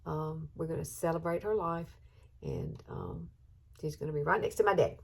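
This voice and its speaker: A gravelly, low female voice with a breathy edge speaks at a moderate pace. The speaker is a beauty vlogger in her fifties with a Southern Alabama accent, chatting warmly and emotionally through her makeup in a get-ready-with-me vlog, at times nearly in tears.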